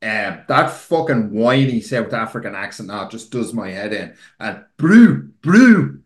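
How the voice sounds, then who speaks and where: A man's voice: lowish voice, moderate pace, fairly bright tone. A man co-hosting a podcast in casual chat, blunt and sweary, teasing his co-host. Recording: roomy echo.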